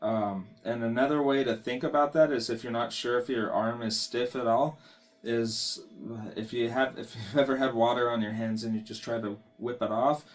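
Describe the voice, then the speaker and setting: A man giving a casual guitar lesson, explaining strumming in a relaxed way and counting beats aloud. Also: medium pitch, normal speed. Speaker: guitar teacher. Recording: guitar playing behind the voice.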